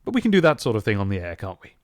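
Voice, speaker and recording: A man voicing an old-fashioned, posh male TV continuity announcer, formal and measured. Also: on the low side, huge pitch swings, no echo, studio quality, pitched below the performer's own voice.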